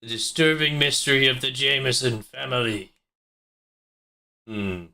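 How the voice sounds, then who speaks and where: A man's voice: medium pitch, a little slow, sharp tone. A man streaming and reacting to videos, chatting casually and muttering offhand asides. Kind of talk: casual chat.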